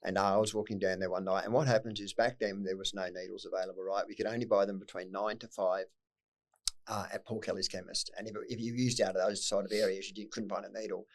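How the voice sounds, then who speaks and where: A middle-aged Australian man with a fairly low, level voice talks quickly and bluntly as a podcast guest. In candid personal storytelling he recounts hard memories, swearing freely, with emotion breaking through now and then.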